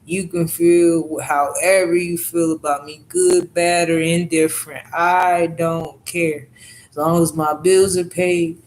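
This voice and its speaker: A woman's voice: fairly low pitch, little pitch movement, takes it slowly, darkish tone, a little hiss or hum, rough recording. A woman vlogger telling rambling, profane stories in a casual monologue, often asking "you know what I'm saying".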